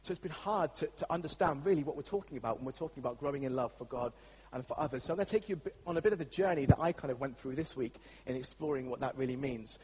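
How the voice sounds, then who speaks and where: A man's voice: medium pitch, very fast, a little mellow, breathy edge, big-room sound, poor audio. An English man preaching a sermon as the church pastor, telling a story in a chatty, anecdotal way with frequent fillers. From England.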